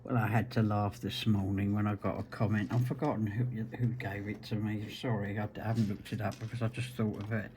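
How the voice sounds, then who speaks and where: A man's voice: fairly low pitch, flat delivery, fairly quick, few pauses, a little mellow, a little hiss or hum. A man from South Essex with an Essex accent, chatting casually and rambling a little while he demonstrates quilting. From South Essex, England. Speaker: quilting tutor.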